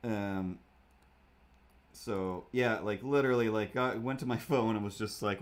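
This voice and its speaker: A man hosting a livestream, telling a story in a casual, rambling way, full of restarts and fillers, with a hard-to-place accent. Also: unhurried. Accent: self-made, hard to place. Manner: animated, jumps into squeaky voices for the people he quotes. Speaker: livestream host. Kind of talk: casual storytelling while drawing.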